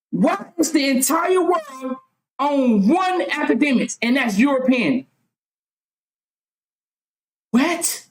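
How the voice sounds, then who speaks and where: A woman with a high voice speaks in a fervent, impassioned monologue, firing off rhetorical questions and at times yelling. She swears freely as she argues. The sound carries a roomy echo. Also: a little hiss or hum. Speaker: vlogger.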